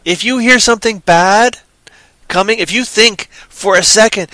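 A man's voice: sits high, a little slow, sharp tone, no echo. A man ranting sarcastically in casual chat about a movie he disliked. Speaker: movie reviewer.

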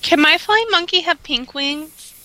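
A woman's voice: high voice, unhurried, pushed and bright, low-quality recording. Amused teasing woman co-host. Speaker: stream co-host. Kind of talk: casual banter.

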